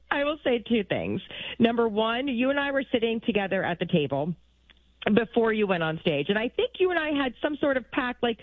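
A woman's voice: a little high, sing-song, moderate pace, dry recording. A woman producer in casual chat, playful and laughing often. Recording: tinny phone-like line.

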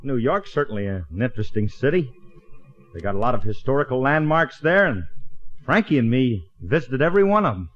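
An actor playing a boastful, wisecracking bandleader husband in a 1940s radio comedy, trading jokes in a lively way. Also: male voice, mid-range voice, fairly quick. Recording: muffled old radio broadcast with hiss. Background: studio audience laughter.

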